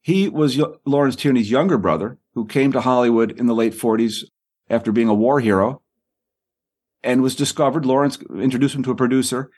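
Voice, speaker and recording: Husky middle-aged man, author guest, animated storyteller, stumbles over words. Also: medium pitch. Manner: quick, repeats words and acts out quoted people.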